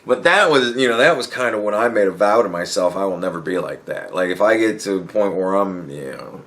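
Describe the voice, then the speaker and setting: A man's voice: fairly low pitch, animated, fairly quick, fairly bright tone. Rambling, profane young man. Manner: rambling, profane, laughs while telling stories. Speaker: podcast host. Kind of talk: casual monologue.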